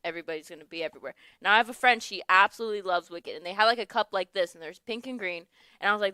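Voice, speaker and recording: Talking quickly in a pushed, bright mid-range voice, a young woman hosts a relaxed radio chat from the studio. She laughs frequently and searches for words, and the clean tone comes through a studio microphone in a dry recording.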